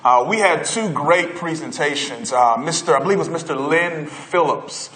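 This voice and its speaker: A man's voice: fairly high pitch, moderate pace, roomy sound. A man giving a motivational keynote speech at a conference, telling a story and getting the audience involved. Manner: energetic, storytelling, crowd-engaging. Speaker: keynote speaker. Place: conference hall.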